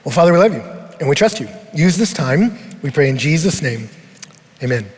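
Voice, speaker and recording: Guy preaching to a big crowd, lively story, voice rings around a huge hall. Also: fairly quick. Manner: animated storytelling, rising to shouts at high points. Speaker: pastor. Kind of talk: conference sermon. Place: large arena. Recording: long arena reverb.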